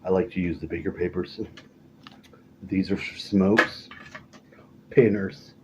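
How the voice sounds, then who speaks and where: A middle-aged man telling rambling stories in a casual, profane, deadpan way. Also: low-pitched, slow, highs cut off, noisy background. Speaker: storyteller. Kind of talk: casual storytelling monologue.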